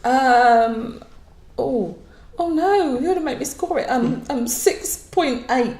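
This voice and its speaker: A woman's voice: high voice, takes it slowly, darkish tone, reverberant. A woman, a podcast guest, prim and giggly, who avoids swearing. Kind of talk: casual chat.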